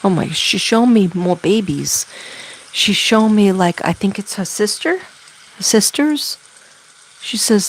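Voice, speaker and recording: A woman doing a spirit reading as a medium, talking haltingly and relaying messages with many fillers. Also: mid-range voice, expressive, a little hiss or hum, poor audio. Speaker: psychic medium.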